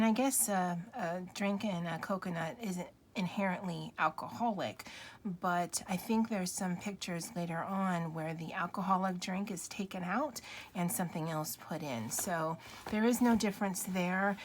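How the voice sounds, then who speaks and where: A woman's voice: lowish voice, moderate pace, a little hiss or hum. Woman planner vlogger, casual chat to camera, giggly and self-deprecating.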